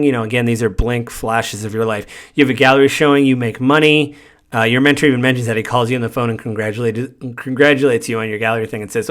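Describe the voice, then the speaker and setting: A man hosts a podcast and talks through a game's story in a relaxed, rambling recap. He fills gaps with ums and loosely paraphrases what the characters say. His voice sits at an ordinary middle pitch for a man. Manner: rambling, lots of fillers and paraphrased quotes. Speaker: podcast host. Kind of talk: casual spoiler recap.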